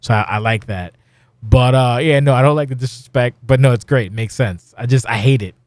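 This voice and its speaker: A man's voice: medium pitch, a little fast, no room sound. A middle-aged man hosting a casual podcast, rambling and swearing bluntly. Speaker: podcast host.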